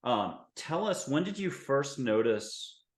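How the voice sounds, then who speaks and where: A man's voice: medium pitch, sing-song, slow. A man hosting an interview show, speaking earnestly and reassuringly to his viewers before asking a question. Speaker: show host. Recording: roomy echo.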